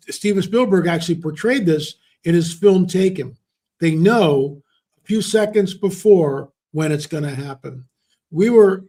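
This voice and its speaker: A man's voice: a little high, dark tone, husky. A man speaking as an interview guest, telling stories emphatically and repeating words for stress. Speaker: interview guest, author and researcher. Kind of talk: conversational interview talk.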